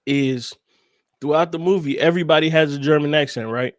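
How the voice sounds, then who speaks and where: A man co-hosts a podcast, chatting casually about a movie, talking animatedly and profanely and laughing often. His voice is a little high and brisk, with no room sound.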